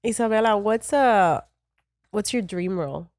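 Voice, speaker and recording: A woman co-hosting a podcast, animated and excitable as she asks questions. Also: medium pitch, measured pace, no echo, studio quality. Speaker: podcast co-host. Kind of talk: podcast interview chat.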